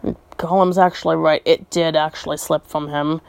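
A woman retells a fantasy story in a relaxed, chatty way. She pauses with ums and adds her own asides. Her voice sits low, and the recording is dry and close. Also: gravelly, no echo. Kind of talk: casual story retelling with commentary.

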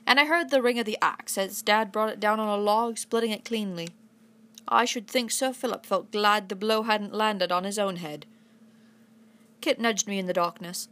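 A woman narrating a classic adventure novel aloud in an imitated English accent, in steady first-person storytelling. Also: medium pitch, moderate pace. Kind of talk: storybook reading.

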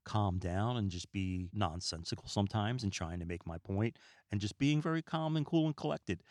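A man hosting a podcast, talking in a calm, relaxed, rambling way and often stumbling over his words, recorded in a small room lined with books. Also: lowish voice, moderate pace, no room sound, studio quality. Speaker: podcast host. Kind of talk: casual podcast monologue.

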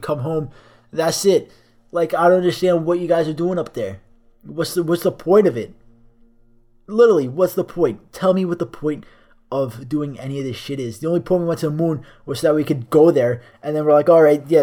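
A man's voice: on the high side, warm tone. Profane young man ranting on a podcast. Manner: crude, profane, rambling comic ranting. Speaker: podcast host. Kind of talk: solo podcast rant. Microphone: cheap microphone.

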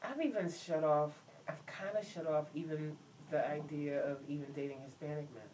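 A woman speaking in an expressive, plainspoken way during a casual group conversation. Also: deep voice, normal speed. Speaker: discussion panelist. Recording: distant mic, faint noise.

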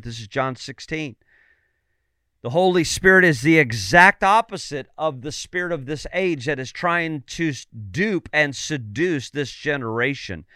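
A male preacher delivering a fervent sermon, rising to loud, emphatic calls and asking listeners for amens. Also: on the high side, expressive, a little slow, no echo, clean studio sound.

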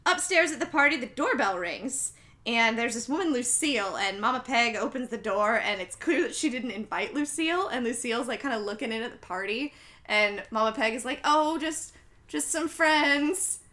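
A woman's voice: a little high, expressive, fairly quick, bright, forceful tone. A woman casually recapping a film's scenes, chatting with many fillers.

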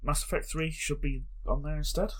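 A man's voice: fairly high pitch, steady tone, a little fast, a bit bright. A man co-hosting a casual podcast, asking questions and arguing his picks. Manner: asks questions, argues points. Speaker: podcast co-host. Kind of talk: casual chat.

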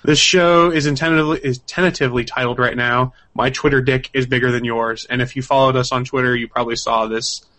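A man's voice: medium pitch, fairly even intonation, a little fast, hardly any pauses, bright, forceful tone. Male podcast host, chatty and upbeat, laughs a lot, webcam mic. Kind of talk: casual podcast chat. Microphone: webcam microphone.

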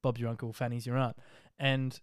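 A young Australian man casually telling an animated, slang-filled story about a flight, with jokey rhymes. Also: medium pitch, brisk, clean tone, dry recording, clean studio sound. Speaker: social media vlogger.

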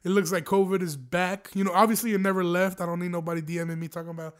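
A man's voice: sits high, steady tone, fast, smooth. A young man hosting a casual solo podcast, rambling through stories with heavy profanity and frequent laughs. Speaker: podcast host.

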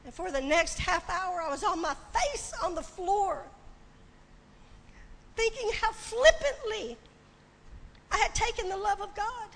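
A woman preaching a sermon with passion, building to shouting and tearful cries. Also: very high voice, a little slow, pauses often. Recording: long hall reverb, faint ambience.

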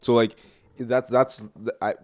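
A man's voice: mid-range voice, little pitch movement, a little slow. A young man of Nigerian origin, a guest in a casual podcast chat, playful and teasing, often restarting his words.

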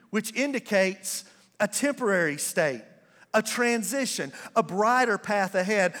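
A man preaches in a church sanctuary, his voice high for a man and his delivery slow and deliberate. He calls on the congregation to answer back and stretches key words for emphasis. The sound carries a long reverb from the large hall. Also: fairly bright tone. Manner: call-and-response preaching, drawn-out emphatic words. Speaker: pastor. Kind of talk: sermon.

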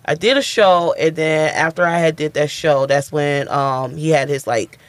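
A man's voice: fairly high pitch, moderate pace, dry recording. A man, a stand-up comedian, telling a story in a casual interview and acting out what people said. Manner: animated, chatty, acts out quotes.

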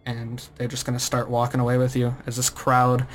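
A man in a relaxed, loose, filler-heavy way, narrating as game master of a tabletop game. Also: medium pitch, brisk, faint music behind.

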